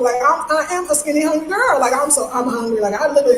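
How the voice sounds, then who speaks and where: New york lady on a livestream, kinda high voice, talks fast and loose, laughs a lot, roomy echo. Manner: chatty, animated, laughs often, slangy. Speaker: livestream host. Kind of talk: casual live chat reading comments. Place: home. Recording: echoey room, faint noise.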